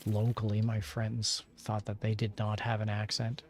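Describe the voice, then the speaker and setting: A man streaming a game, chatting casually and answering his viewers in a rambling, low-key way. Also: completely flat delivery, moderate pace. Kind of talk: casual chat while gaming.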